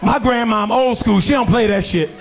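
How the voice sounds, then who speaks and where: A man from doing brash, profane stand-up, telling animated stories on a comedy stage. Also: high-pitched, normal speed, creaky, some chatter behind, a little hiss or hum. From Philadelphia.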